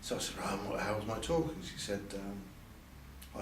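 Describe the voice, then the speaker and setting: A man's voice: on the low side, unhurried, background noise. Older man, candid interview, hesitant restarts, echoey room, faint background ambience. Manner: hesitant, repeats words, quotes others in a lifted voice. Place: event venue. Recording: roomy sound from a distant mic, faint ambience.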